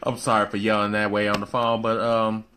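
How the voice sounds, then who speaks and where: A man's voice: fairly low pitch, monotone, fairly quick, sharp tone, a little hiss or hum. A man hosting a live show, chatting loosely with viewers, greeting them by name and swearing casually. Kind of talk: casual live-stream chat.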